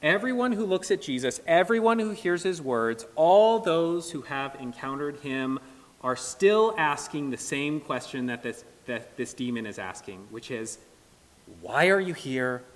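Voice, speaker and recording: A man's voice: fairly high pitch, lively intonation. Earnest preacher man in reverberant church. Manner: earnest, emphatic preaching with dramatic pauses. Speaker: pastor. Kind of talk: sermon. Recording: long reverb of a large hall.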